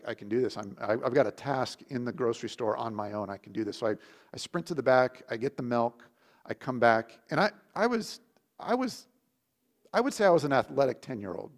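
A male pastor with a mid-range voice delivers a sermon through an animated personal story. His loudness rises and falls as the tale builds. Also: mid-range voice. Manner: animated storytelling with lively shifts in volume.

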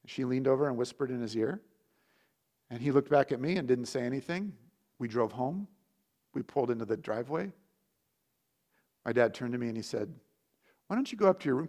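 A man's voice: medium pitch, brisk, long pauses. Man telling a sermon story. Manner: animated storytelling with lively shifts in volume. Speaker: pastor.

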